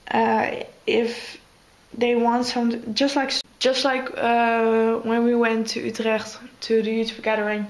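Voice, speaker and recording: A woman's voice: fairly high pitch, rough recording. A young woman, chatting casually to camera in a rambling, hesitant way full of fillers. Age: 20s. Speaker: vlogger.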